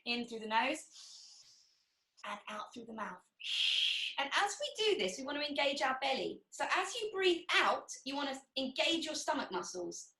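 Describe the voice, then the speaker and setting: A woman with a high, bright voice talks a class through pilates moves, cueing each breath with an encouraging tone. She sounds some way from the mic, in a room that echoes. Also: big pitch swings, moderate pace, recorded from a distance. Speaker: pilates instructor. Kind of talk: guided exercise class.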